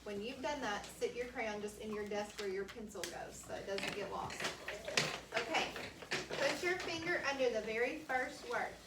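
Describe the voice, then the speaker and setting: A woman teacher leading a classroom phonics lesson, slowly sounding out words for young students. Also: a little high, lively intonation. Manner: slow, deliberate sounding out of words. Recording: roomy classroom audio from a distance with noise.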